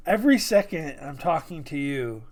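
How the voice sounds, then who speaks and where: A man's voice: on the high side, very animated, unhurried, darkish tone. A man co-hosting a podcast, teasing his friend and laughing in casual chat. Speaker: podcast co-host.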